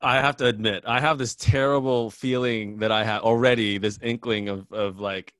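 A man's voice: fairly low pitch, steady tone, moderate pace, a bit bright, smooth, no echo. A man hosting a casual interview, talking candidly and rambling with self-deprecating laughs. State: tired new parent. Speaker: podcast host.

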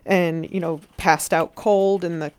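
A woman's voice: lowish voice, steady tone, unhurried, a little mellow, clear, resonant tone, no echo. A woman telling a story in casual chat, rambling, peppering her talk with "like" and swearing freely.

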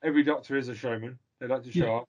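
A man's voice: mid-range voice, steady tone, quick pace, husky, muffled recording. A man in casual chat, blunt and rambling, swearing freely as he gives his opinions.

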